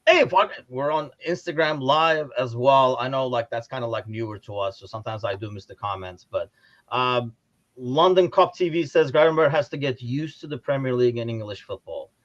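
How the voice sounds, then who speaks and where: A man's voice: mid-range voice, brisk, highs cut off. A man hosting a casual livestream chat about sport, rambling with restarts and reading out viewer comments. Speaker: podcast host.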